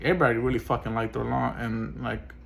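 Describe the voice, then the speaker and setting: A man's voice: mid-range voice, steady tone, fast, vocal fry. A man venting in a personal vlog as a single dad, swearing often and sounding frustrated. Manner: profane, frustrated ranting.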